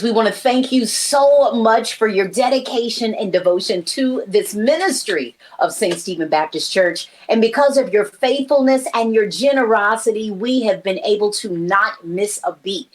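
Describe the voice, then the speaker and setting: A woman hosts a church program, speaking in an encouraging way to her guest. She quotes scripture as she talks. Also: mid-range voice. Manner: warm encouraging, scripture-quoting. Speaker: host.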